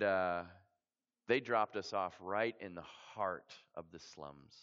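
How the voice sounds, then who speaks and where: A man from Canada telling a mission story as a sermon, an animated storyteller who acts out the people in it. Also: deep voice, clean tone. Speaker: missionary preacher. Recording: dull lo-fi sound with long hall reverb.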